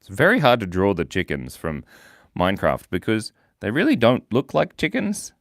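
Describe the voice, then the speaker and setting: A playful young man chats through a live drawing stream, reading viewer comments and joking as he goes. His voice leaps all over the place in pitch. The sound is dry and close, with no room echo. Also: huge pitch swings, moderate pace, gravelly. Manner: playful, chatty, reads viewer comments aloud. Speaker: livestream host drawing for viewers. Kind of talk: casual live-stream chat.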